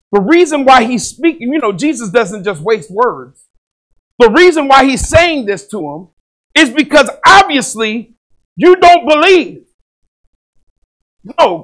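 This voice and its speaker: A male pastor preaching a sermon at a Bible study, building to shouted passion and then reading scripture softly. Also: very high voice. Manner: impassioned, rising to shouts when retelling a plea; slows and drops soft when reading scripture aloud.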